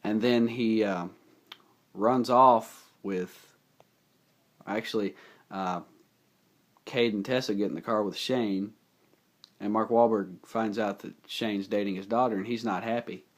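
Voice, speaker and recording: Rambling, excitable young man. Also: on the low side, unhurried, pauses often. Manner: enthusiastic, rambling, with many fillers. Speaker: movie reviewer. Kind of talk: casual spoken movie recap.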